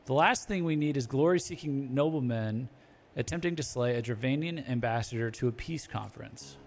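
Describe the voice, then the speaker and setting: A man reading out the lines of a formal, courteous knight officer in a fantasy game, in measured, stiff speech. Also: medium pitch, a little hiss or hum, lightly acted.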